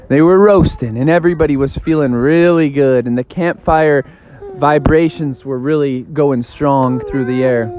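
A man's voice: on the high side, a little mellow. A young man improvising a silly story in a playful, rambling way, with fillers and tangents.

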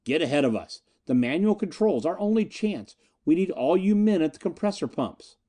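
A man's voice: mid-range voice, lively intonation, quick pace, a little mellow, slightly rough. A man reading the part of an urgent young man barking short orders in a crisis. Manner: terse, barked orders.

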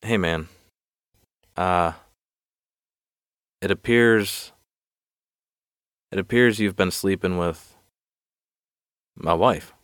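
A man voicing a calm, sly village leader who speaks in a slow, deadpan way in a spoken joke. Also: deep voice, clear, resonant tone, dry recording, studio quality, exaggerated voice.

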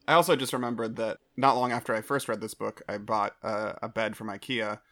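A host of an online book event chatting casually over a video call, giggly and relaxed. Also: medium pitch, a little fast. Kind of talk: casual chat.

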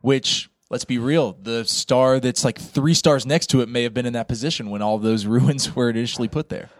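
A man's voice: medium pitch, moderate pace, dry recording. A man who teaches, joining a casual movie chat and earnestly explaining a point with small laughs.

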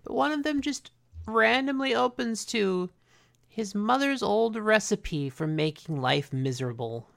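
A man's voice: high-pitched, lively intonation, a little slow, gravelly, fairly bright tone. A man co-hosting a casual recap chat, laid-back, swearing and acting out lines from the episode. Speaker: podcast co-host.

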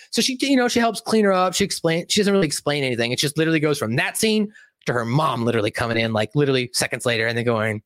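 A man casually recapping a film's plot out loud in a rambling, profane, animated way, seated indoors. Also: on the high side, fast, dry recording, clean studio sound. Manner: animated, rambling, profane storytelling with many asides. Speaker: movie recap commentator. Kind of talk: casual spoken film recap.

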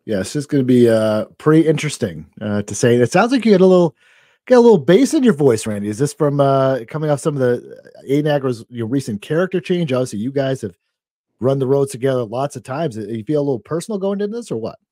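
A man's voice: mid-range voice, sing-song, fast, mellow, no room sound, clean studio sound. A man hosting a wrestling preview show, building up upcoming matches. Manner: hype-building, uses fillers.

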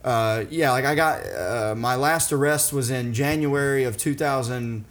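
Chill guy in his 30s, podcast host, rambling storyteller, regular pitch. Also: a little slow, a bit bright. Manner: rambling, laid-back, laughs along. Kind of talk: casual podcast chat.

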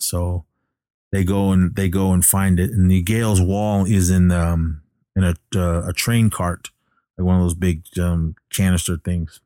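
Man, podcast host, casual film recap, halting, dry close sound. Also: sits low, little pitch movement, dark tone, dry recording. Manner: halting, many fillers and restarts.

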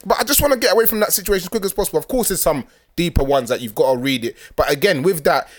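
A man's voice: fairly high pitch, lively intonation, rapid-fire. A young man, co-hosting a casual chat podcast, laughing often and acting out quotes. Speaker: podcast co-host.

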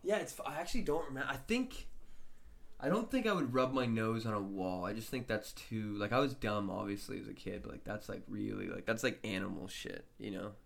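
A man's voice: on the low side, a little fast, vocal fry. A young man with a Canadian accent, co-hosting a podcast, blunt and teasing with plenty of swearing. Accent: Canadian English. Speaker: podcast co-host. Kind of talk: casual chat.

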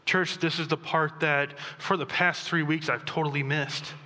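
A man preaching a sermon as pastor, chatty and animated, with offhand asides. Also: on the high side, moderate pace, long reverb tail.

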